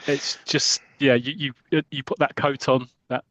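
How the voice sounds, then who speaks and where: A man's voice: medium pitch, little pitch movement, unhurried, a bit bright, no echo. A man hosting a podcast in casual chat, hesitant and introducing segments. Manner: hesitant, many fillers and restarts, introducing clips. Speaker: podcast host.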